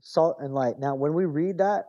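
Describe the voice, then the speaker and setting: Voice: mid-range voice, moderate pace, mellow, dull audio. A pastor preaching a sermon, building long rhythmic lists, asking rhetorical questions and reading scripture aloud.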